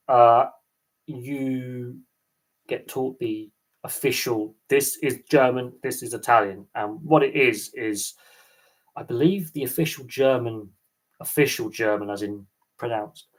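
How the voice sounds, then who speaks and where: A man from England hosting a live stream, chatting casually in a rambling, animated way. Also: mid-range voice. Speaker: host.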